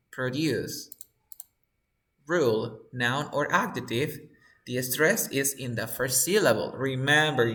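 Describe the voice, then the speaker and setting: A man's voice: medium pitch, sharp tone. Man teaching an English pronunciation lesson. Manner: patient, drills students, repeats words for pronunciation.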